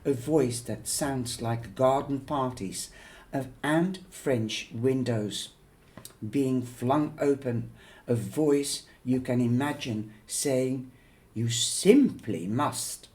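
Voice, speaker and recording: A man reading a novel aloud in first person. His delivery is slow and measured, with a mid-range pitch and an occasional filler. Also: darkish tone. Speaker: audiobook reader.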